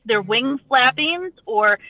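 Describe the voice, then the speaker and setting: A lively woman guest chats about her birds in a fairly high voice, jumping into little acted-out lines. The sound is dull and dry, with no room around it. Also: slow pace, no echo. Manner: animated, acts out what the birds would say. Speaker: guest, rooster keeper. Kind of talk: casual interview chat.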